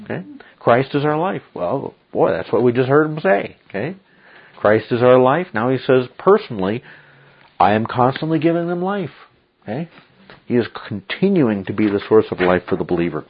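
A man's voice: medium pitch, big pitch swings, moderate pace, husky. A man teaching a Bible study, emphatic and checking in with frequent "okay?"s. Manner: emphatic, repeats "okay?" often. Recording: dull lo-fi recording.

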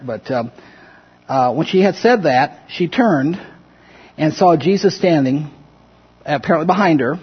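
Husky-voiced man teaching a Bible class. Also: a little high, lo-fi sound. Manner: conversational, paraphrases scripture with acted-out quotes, asks the class questions. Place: classroom or church room with a group.

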